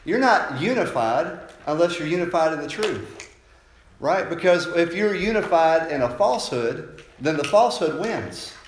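A man preaching a sermon in a conversational style, often checking in with listeners. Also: a little high. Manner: conversational preaching, frequent "right?" tag questions. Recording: echoey room, faint noise.

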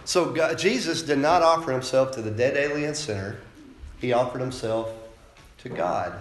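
A man's voice: mid-range voice, expressive, measured pace, pauses often, a little hiss or hum. A man preaching a sermon as a pastor, emphatic and insistent, often ending points with a rhetorical "right?". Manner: preaching with frequent rhetorical "right?" tag questions. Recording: roomy echo.

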